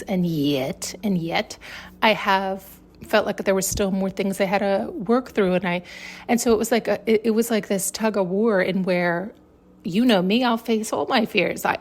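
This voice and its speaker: A woman hosts her own podcast as a casual spiritual monologue. She is blunt and swears freely, hammers her points home with repetition, and keeps asking rhetorical questions. Her voice sits at a middling pitch. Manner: blunt and heavy on profanity, with frequent laughs. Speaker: podcast host.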